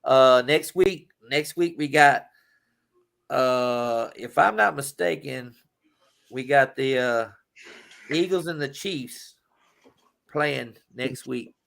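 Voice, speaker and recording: A man's voice: mid-range voice, creaky, a bit bright. A man co-hosting a podcast, talking sports casually and rambling, with lots of fillers and restarts. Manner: rambling, halting with many fillers. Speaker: podcast co-host. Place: live-streamed podcast.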